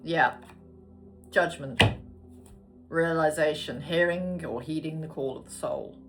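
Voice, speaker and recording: Woman, low voice, chatty tarot reader, casual swearing, faint music behind. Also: takes it slowly. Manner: chatty, swears casually, murmurs card names. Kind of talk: casual tarot card reading.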